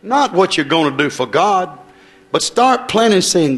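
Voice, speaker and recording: A man preaching a sermon in a folksy, excitable way, swinging between loud bursts and soft asides. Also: high voice, measured pace.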